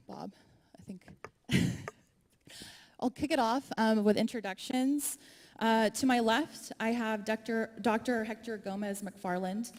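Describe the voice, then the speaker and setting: A woman's voice: medium pitch, a little mellow, a little hiss or hum. Upbeat woman moderating a panel. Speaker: moderator, program manager. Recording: reverberant hall.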